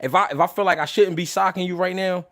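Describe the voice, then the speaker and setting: A young adult man hosting a casual livestream about boxing, talking loudly and animatedly, swearing freely and laughing often. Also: sits high, fairly even intonation, quick pace. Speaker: boxing commentator and show host.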